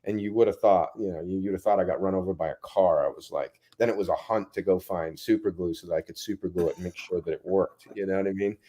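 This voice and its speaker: Low-voiced man rambling through stories. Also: fast talker, hardly any pauses. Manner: rambling, animated storytelling with asides. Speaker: guest. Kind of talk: casual interview chat.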